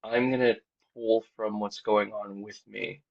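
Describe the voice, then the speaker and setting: Low-voiced man telling a long story, muffled audio. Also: measured pace, creaky. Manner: rambling, heavy on "like" and quoted dialogue; quiet and low-key, lifting when excited. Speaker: podcast guest, band vocalist. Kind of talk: casual storytelling interview. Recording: dull, muffled podcast audio.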